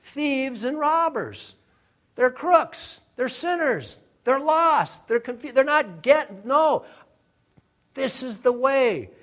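Brief: male pastor, high voice, punchy repeated lines in a sermon. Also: expressive, slow pace, fairly bright tone. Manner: emphatic, repeats phrases for effect.

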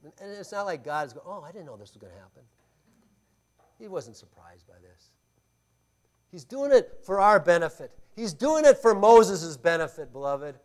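Emphatic male pastor preaching a sermon. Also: on the high side. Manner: emphatic preaching that swings from loud stresses to quiet asides; rhetorical questions to the congregation.

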